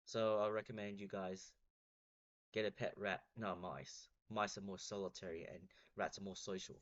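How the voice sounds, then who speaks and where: A man from southern Australia with an Australian accent, hosting a reaction vlog in an excitable, chatty way with loud bursts. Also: deep voice, normal speed. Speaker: reaction channel host. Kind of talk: casual vlog chat. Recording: dull lo-fi recording.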